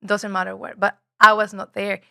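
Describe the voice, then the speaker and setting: Bright-voiced woman, earnest and reflective. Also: medium pitch, little pitch movement, normal speed, vocal fry, clear, resonant tone, no room sound, clean studio sound. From Mexico. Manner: reflective, earnest, repeats phrases, swears casually. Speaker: podcast guest, spiritual guide. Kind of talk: casual conversation.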